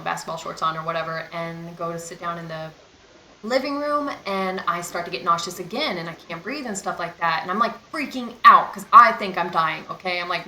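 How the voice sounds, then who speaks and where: A woman's voice: mid-range voice, bright, forceful tone, roomy sound, slight background noise, low-quality recording. A young woman telling a personal story in casual vlog chat, rambling with many fillers and quoting herself. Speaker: vlogger.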